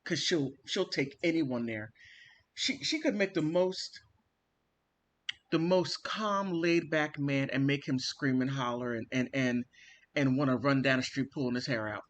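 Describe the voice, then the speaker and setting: A man vlogging, telling a family story in an animated, theatrical way and acting out the quotes. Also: mid-range voice, measured pace. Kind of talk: casual storytelling monologue.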